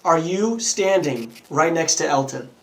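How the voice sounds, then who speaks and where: A man ghost hunting with friends, talking excitedly and speaking straight to the spirits. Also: fairly high pitch, unhurried, recorded from a distance, slight background noise. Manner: excited, talks straight to the spirits, says dude a lot. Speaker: paranormal investigator. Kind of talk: casual ghost hunting chat. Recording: echoey room, voice away from the mic.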